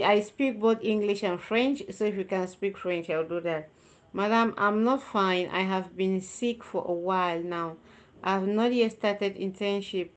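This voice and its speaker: Woman nurse hosting a live stream, chatty, reads out comments and replies, middle pitch. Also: unhurried, muffled recording. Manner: reads viewer comments aloud and answers them warmly; chatty, repeats words for emphasis. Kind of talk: casual live-stream chat.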